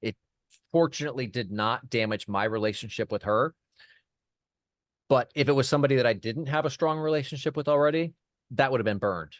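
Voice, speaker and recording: A man speaking as a podcast guest, his voice sitting in an ordinary middle pitch. The sound is dry and close with no room echo. He tells his story casually, stacking up restarts as he goes. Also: a little fast. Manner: animated anecdote teller, many restarts. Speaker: podcast guest, PR firm founder.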